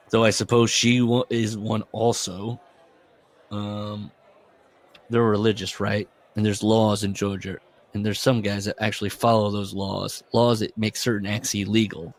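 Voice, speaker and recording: A man's voice: fairly low pitch, creaky. A man co-hosting a casual book discussion podcast, recounting the plot and reading character dialogue aloud with frequent fillers. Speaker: podcast co-host.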